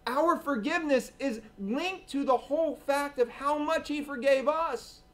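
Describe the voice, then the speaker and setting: At a church service, a male pastor preaches earnestly, shifting between emphatic and hushed delivery. His voice is very high and his pace unhurried.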